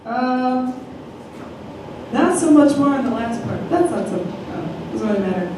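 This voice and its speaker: Woman, stand-up comedian, hesitant, high lively voice, distant, echoey room. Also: a little slow, background noise. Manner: hesitant, rambling. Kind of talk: live storytelling. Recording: roomy live room from a distance.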